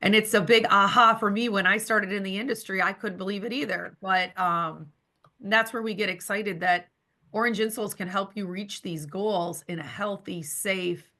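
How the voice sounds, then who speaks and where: A woman's voice: medium pitch, steady tone, moderate pace, pushed and bright. A woman co-hosting a company podcast, speaking in an upbeat, enthusiastic, casual way. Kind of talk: casual promotional chat.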